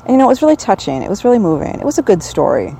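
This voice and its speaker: A woman's voice: mid-range voice, big pitch swings, rapid-fire, gravelly, mellow, a little hiss or hum, rough recording. A woman from the northern United States, chatting in a digressive, self-amused way into a handheld recorder for her audio diary. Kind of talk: rambling personal audio diary.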